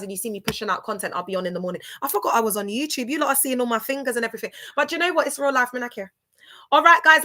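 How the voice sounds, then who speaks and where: A woman hosting a live stream, chatting warmly and directly with her viewers as she wraps up, speaking into a phone held close. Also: on the high side. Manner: chatty, affectionate, talks straight to viewers. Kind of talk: casual live-stream sign-off.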